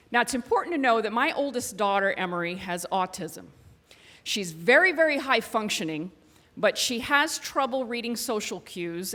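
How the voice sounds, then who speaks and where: A woman in her thirties telling a funny personal story to a live audience. Her voice sits fairly high, and her delivery is animated and self-mocking with punchy timing. She speaks into a handheld stage microphone.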